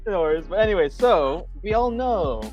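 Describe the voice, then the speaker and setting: A man's voice: sits high, lively intonation, moderate pace, highs cut off, faint music behind. A man co-hosting an interview, eagerly asking questions. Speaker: co-host.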